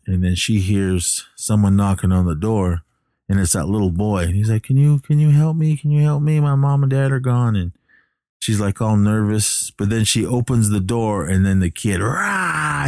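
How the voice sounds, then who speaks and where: A man's voice: on the low side, dark tone, dry recording, clean studio sound. A man casually recapping a movie, rambling with many fillers and restarts.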